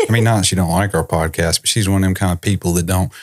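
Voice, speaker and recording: A man co-hosting a podcast, chatting casually and joking in a boastful deadpan way. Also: low-pitched, rapid-fire. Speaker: podcast co-host. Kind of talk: casual podcast outro chat.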